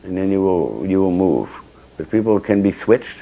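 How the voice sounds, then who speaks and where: A man's voice: low voice, expressive, moderate pace, vocal fry, dark tone, low-quality recording. An older man giving a temple scripture class, telling personal stories and acting out the dialogue with sudden bursts of emphasis. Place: temple hall.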